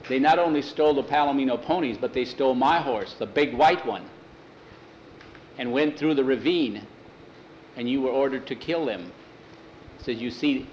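A man's voice: medium pitch, darkish tone, lo-fi sound, slight background noise. Homespun male storyteller. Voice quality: homespun, repeats "he says" often. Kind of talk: reading a western story aloud.

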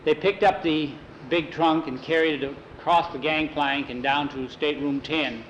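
A man telling a story aloud in a plain, unhurried way. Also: a little high, fairly even intonation, fairly bright tone, muffled recording, slight background noise.

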